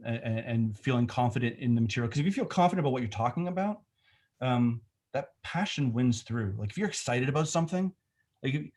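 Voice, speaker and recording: Man talking loosely over a video call. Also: medium pitch. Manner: thoughtful, rambling with restarts. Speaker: film director guest. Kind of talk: casual remote interview.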